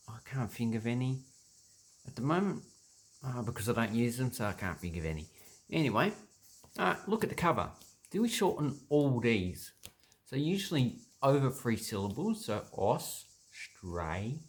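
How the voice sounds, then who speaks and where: An Australian man casually explaining words from a dictionary, thinking aloud with many pauses and restarts. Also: medium pitch. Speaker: language vlogger.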